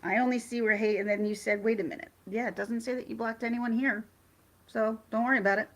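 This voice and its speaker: A woman hosting a casual livestream, chatting excitably and rambling with frequent restarts. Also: fairly high pitch, fast. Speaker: livestream host.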